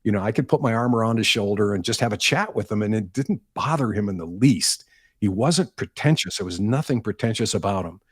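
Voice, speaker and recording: A man's voice: lowish voice, a little fast, breathy edge, dry recording, studio quality. An older man, a retired newsman, telling anecdotes in a casual interview and acting out the exchanges he describes. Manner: animated anecdotes, acts out quoted exchanges. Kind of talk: casual storytelling.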